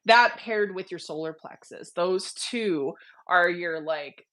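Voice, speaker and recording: A woman with a lowish voice speaks slowly as a guest in a casual interview, explaining things with earnest, gentle warmth. Her throat sounds slightly sick.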